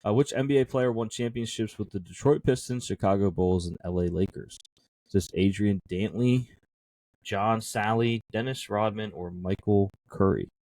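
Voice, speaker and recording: A man co-hosting a podcast, reading trivia questions aloud in a casual chat, laughing often and thinking out loud over the answers. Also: fairly low pitch, normal speed, no room sound.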